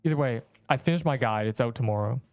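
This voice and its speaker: A man's voice: medium pitch, fast talker, a little mellow, no echo, soft background music. A man rambling casually through gameplay commentary on a livestream, slangy and loose, tossing in "bro" and casual swearing. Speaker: streamer.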